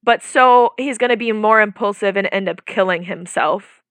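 A young woman with a bright, sharp tone, recorded close and dry. She talks through her views in long, casual, reasoned stretches, often filling gaps with "like.". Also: mid-range voice, moderate pace, smooth, no room sound. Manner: talkative, reasoned, lots of "like" fillers. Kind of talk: casual chat.

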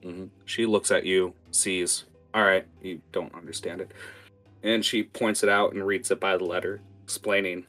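A man's voice: low voice, fairly even intonation, normal speed, bright, forceful tone, faint music behind. A man narrating a tabletop game as game master, casual and full of fillers and restarts.

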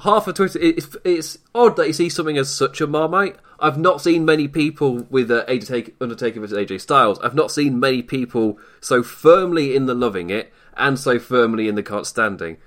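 A man's voice: mid-range voice, brisk, few pauses, fairly bright tone. A young British man hosting a wrestling podcast from home, chatty and self-deprecating, laughing often while he talks. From Britain. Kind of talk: casual solo commentary. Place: at home in isolation. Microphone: desk mic off to one side.

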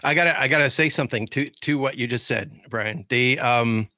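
A guest on a podcast eagerly shares a story in relaxed chat. His voice is clearly bright and sharp-edged. It is recorded close and dry. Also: medium pitch, normal speed, no room sound. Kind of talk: casual chat.

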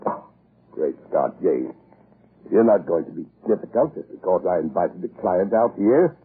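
An actor playing a pompous, blustering older English lord in 1940s radio acting, who stammers with "uh" when cornered. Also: male voice, low-pitched, animated, moderate pace, husky, heavily acted. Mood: evasive. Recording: muffled lo-fi old radio broadcast.

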